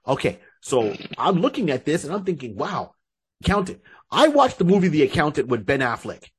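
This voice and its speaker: Animated, husky male podcast host. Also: fairly high pitch, brisk. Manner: animated, joking storyteller with frequent restarts. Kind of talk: casual podcast chat.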